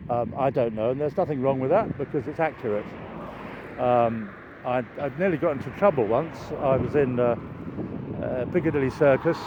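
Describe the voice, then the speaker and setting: An older man vlogging on an outdoor walk, chatty and meandering, with bursts of excitement. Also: medium pitch. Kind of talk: rambling walking vlog. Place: outdoors near a railway. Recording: dull lo-fi outdoor recording with traffic noise.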